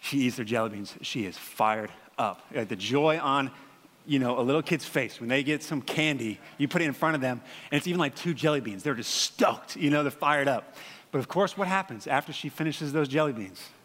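A man in his thirties preaching a sermon in a conversational, animated storytelling way, with frequent fillers. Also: medium pitch, a little fast, long reverb tail. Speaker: pastor.

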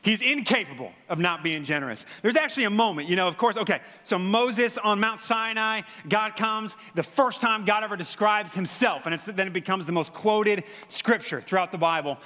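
A man in his thirties delivers a sermon in a bright, forceful voice that sits slightly high. He talks casually and with animation, full of fillers, and his voice rings with a long hall reverb. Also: moderate pace, hardly any pauses. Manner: conversational, animated storytelling with frequent fillers. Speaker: pastor.

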